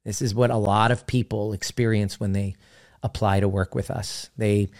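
A man's voice: fairly low pitch, steady tone, normal speed, a little mellow. A man who works as a relationship coach, talking casually and animatedly, acting out his clients' voices now and then. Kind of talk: casual teaching talk.

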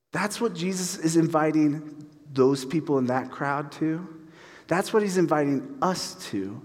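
A pastor delivers a sermon in a relaxed, conversational way, acting out the voices in his stories. His voice sits a little high for a man. It rings out with the long reverb of a church hall. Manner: casual and animated, acts out voices in stories.

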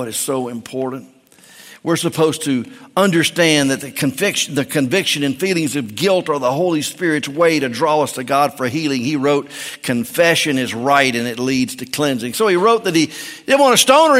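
Emphatic male preacher in an echoing hall. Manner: swings from loud emphatic highs to hushed lows. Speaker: pastor. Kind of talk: sermon.

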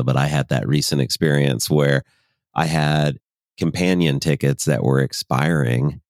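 A man's voice: extremely low pitch, dry recording, clean studio sound. A man co-hosting a podcast in casual chat, rambling and agreeable, often correcting himself mid-phrase. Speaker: podcast co-host.

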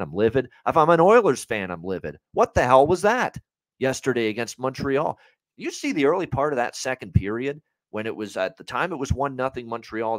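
A man's voice: mid-range voice, no echo. A man co-hosting a sports betting podcast, ranting in heated, casual talk and swearing freely.

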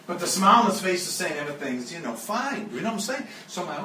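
High-voiced man preaching in an echoey room. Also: big pitch swings, fast, few pauses, sharp tone, a little hiss or hum. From Joplin, Missouri area. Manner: earnest, emotional storytelling with laughs. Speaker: guest preacher. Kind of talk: storytelling sermon. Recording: echoey room, mic at a distance.

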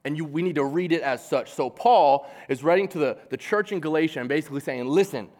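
A man preaching a sermon in a casual, animated way, acting out quoted voices. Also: fairly high pitch, fast.

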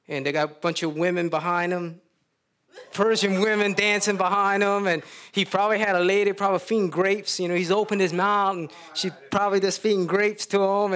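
A man's voice: high-pitched, a bit bright, clear, resonant tone. A man preaching, retelling a story in a folksy, chuckling way. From Louisiana. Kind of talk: storytelling sermon.

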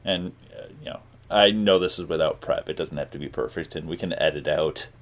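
A man interviewing over a call, with halting, filler-heavy prompts. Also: extremely low pitch. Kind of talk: casual interview. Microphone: call recording.

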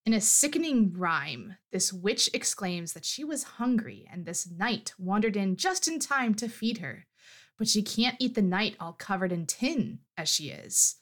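A woman's voice: medium pitch, big pitch swings, unhurried, fairly bright tone. A woman co-hosting a podcast, animatedly recapping a fantasy story in casual chat. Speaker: podcast co-host.

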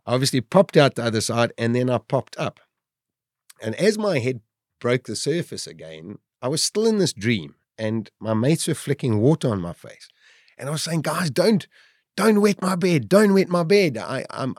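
A middle-aged man vividly telling his own survival story, with animated storytelling that rises at the dramatic moments. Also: mid-range voice, no room sound, clean studio sound. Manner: vivid, lively retelling, rising to shouts at dramatic moments. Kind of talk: animated first-person storytelling.

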